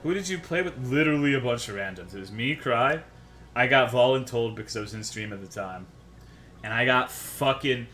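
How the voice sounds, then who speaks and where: Bright-voiced, swearing male streamer. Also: medium pitch, lively intonation, normal speed, soft background music. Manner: profane, worked-up, swears constantly. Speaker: game streamer. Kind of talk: casual live-stream ranting to chat.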